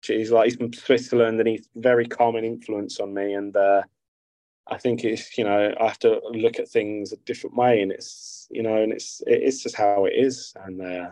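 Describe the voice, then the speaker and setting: A man's voice: lowish voice, little pitch movement, moderate pace, dark tone, no room sound, low-quality recording. A man, chatting casually as a guest musician, rambling and swearing freely. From South London. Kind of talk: casual interview chat.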